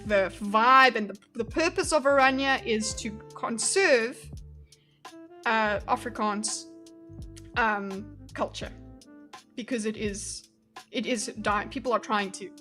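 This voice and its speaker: A woman's voice: mid-range voice, sharp tone. A woman from Spain giving casual, chatty reaction commentary, swearing and laughing as she gets heated. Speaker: video commentator.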